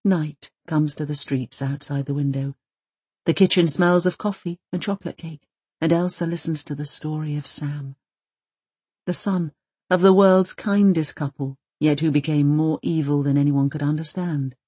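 A woman narrating an audiobook in a measured, gentle storytelling manner. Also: sits low, fairly even intonation, husky, dry recording.

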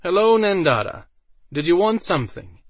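A man's voice: sits high, sing-song, normal speed, no room sound, voice pushed up. A man voicing a polite young nobleman host who speaks in a reasonable, placating tone.

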